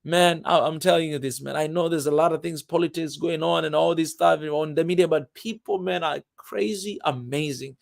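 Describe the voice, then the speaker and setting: A man's voice: on the high side, steady tone, moderate pace, gravelly, hardly any pauses. A man from Tanzania, talking to his viewers in a casual vlog, emphatic and full of "man" and laughter. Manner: emphatic, keeps saying "man", laughs often. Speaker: vlogger.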